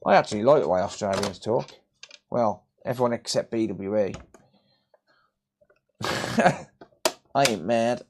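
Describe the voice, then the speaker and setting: A man's voice: lowish voice, a little slow, pauses often, noisy background. Sweary man ranting at workbench. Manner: blunt, sweary, joking ranting. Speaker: streamer repairing consoles live. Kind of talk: casual live-stream chat. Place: repair workbench.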